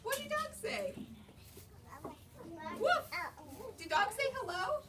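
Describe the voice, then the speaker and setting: Animated woman reading to children. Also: very high-pitched, takes it slowly. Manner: animated, sing-song, asks children questions. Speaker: children's librarian. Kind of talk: storytime read-aloud. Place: library story room. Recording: distant mic, noisy room. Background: children answering.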